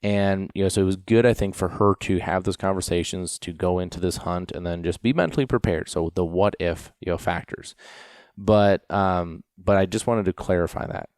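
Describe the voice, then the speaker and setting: Male podcast host and dog trainer, deep low voice, rambling storyteller, dry close sound. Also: normal speed, a little mellow, dry recording. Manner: rambling, storytelling with many restarts and fillers. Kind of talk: casual podcast talk.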